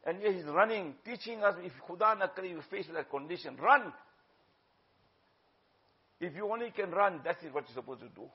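A man's voice: high-pitched, expressive, normal speed, pauses often. A man preaching a sermon, exhorting his listeners and mixing in Urdu phrases. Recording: dull lo-fi recording.

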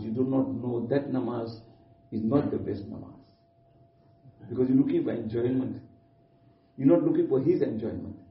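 A man preaching a sermon earnestly, repeating points in simple, non-native English phrasing. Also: high voice. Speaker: Islamic preacher. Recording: distant, dull, echoey room.

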